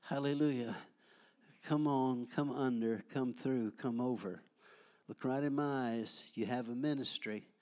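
An older man preaching with fervor, peppering every line with hallelujahs and amens. His delivery is folksy and humorous, swinging between loud praise and quieter ministering in an ordinary, middle-pitched voice. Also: unhurried. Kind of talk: charismatic sermon.

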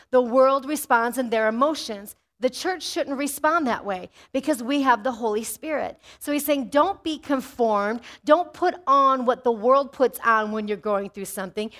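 A woman preaching a sermon in a church, animated and often asking the congregation "Amen?". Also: a little high.

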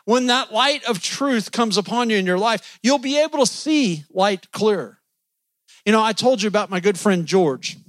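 Folksy male preacher, high-pitched, joking sermon delivery, dry recording. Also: a bit bright, no echo. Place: church.

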